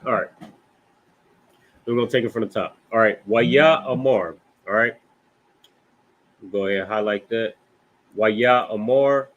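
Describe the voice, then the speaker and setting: A man with an American accent teaching a scripture language class in a loose, conversational way, often checking in with "right?" and slowing down to sound out words. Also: lowish voice, fairly even intonation, a bit bright, dull audio. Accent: American English. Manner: loose, conversational, with frequent "right?" and "you know what I mean?"; slows down to pronounce words carefully.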